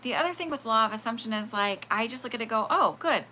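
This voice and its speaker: A woman with a bright, clear voice chats casually on her own livestream, rambling through her thoughts with plenty of fillers. A faint hum of noise sits behind her. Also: a little high, rapid-fire. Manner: rambling, animated, full of fillers and acted-out quotes. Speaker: livestream spiritual reader.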